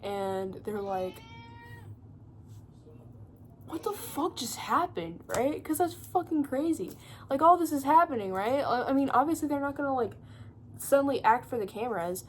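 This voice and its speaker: A young woman chatting through a casual book recap at home, her voice sitting a little high. She rambles, swears freely and leans on fillers. A faint hum sits under her voice. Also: animated, moderate pace, long pauses. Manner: rambling, profane, laughing retelling full of fillers. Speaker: booktuber.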